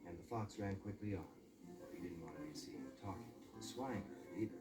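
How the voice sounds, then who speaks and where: A man narrating a storybook tale in a lively, informal way. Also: fairly low pitch, fast talker, gravelly, loud music behind the voice, low-quality recording.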